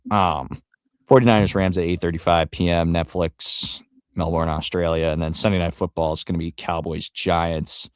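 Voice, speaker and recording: A man's voice: low voice, fairly even intonation, moderate pace, clean tone, no room sound, studio quality. A man co-hosting a sports podcast, rambling casually with frequent fillers and the odd curse. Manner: rambling, profane, trails off with fillers. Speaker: podcast co-host.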